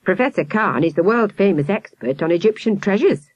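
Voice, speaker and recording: A woman's voice: medium pitch, lively intonation, brisk, a little mellow, no echo, dull audio, pitched above the performer's own voice, lightly acted. A woman voicing a stern, self-important male police sergeant in a storybook.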